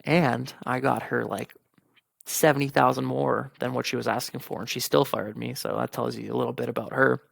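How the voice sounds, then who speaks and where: A man's voice: mid-range voice, steady tone, normal speed, creaky, fairly bright tone, no room sound. A young man hosting a podcast, frankly telling a personal story, swearing freely and acting out the conversations. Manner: frank and profane, retelling conversations. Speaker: podcast host.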